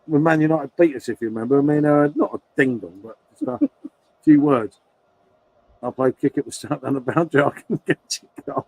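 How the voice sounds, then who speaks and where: A man's voice: mid-range voice, brisk, gravelly, darkish tone, husky, dry recording, rough recording. A man hosting a casual live chat, teasing his guests with jokes and frequent laughter. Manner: teasing, jokey, laughs often. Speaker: host.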